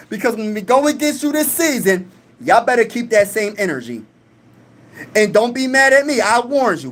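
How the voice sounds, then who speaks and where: A man's voice: sits high, sing-song, normal speed, fairly bright tone. A young man hosting a live stream in casual chat, reading comments aloud and talking boastfully.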